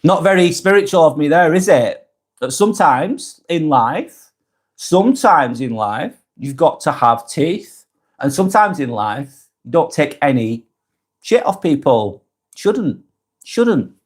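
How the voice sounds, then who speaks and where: Husky, blunt man on a live stream. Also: on the high side, sing-song, measured pace. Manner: blunt, sweary, swings between brusque and reassuring. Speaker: live-stream host reading comments. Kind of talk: casual live vlog chat.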